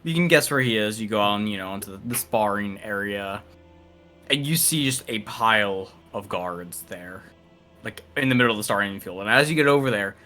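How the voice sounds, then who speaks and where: A man with a bright, forward voice narrates as game master in a tabletop game. His telling is casual and loose, full of "like" and "you know.". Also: lowish voice, animated, moderate pace, faint music behind.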